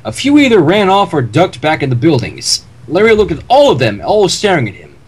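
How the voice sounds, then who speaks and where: A man's voice: on the high side, brisk, breathy edge. A man reading a comedy fanfic aloud on a livestream, joking about the text as he goes. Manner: lively reading, laughs at the text. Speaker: fanfic reader.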